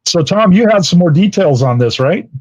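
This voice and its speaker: Measured male co-presenter, dry sound. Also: high voice, expressive, darkish tone, no echo, highs cut off. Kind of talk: telling a story to an online audience.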